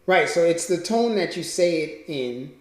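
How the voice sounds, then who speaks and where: A vlogger speaks casually to the camera in a man's voice that is a little high, expressive, and a little slow. He keeps repeating his points and tags lines with "right?", and the room gives the audio a roomy echo.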